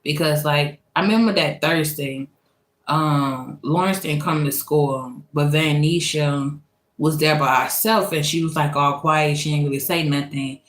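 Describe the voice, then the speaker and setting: A woman from Louisiana, telling a personal story in a casual, animated and profane way, laughing often. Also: low voice, unhurried. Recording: echoey room.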